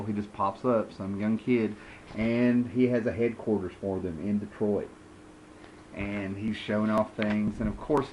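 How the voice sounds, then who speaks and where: A man's voice: on the low side, darkish tone, a little hiss or hum, poor audio. A man in his thirties giving a casual, rambling, sarcastic review of old comic books. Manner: rambling, sarcastic, lots of fillers.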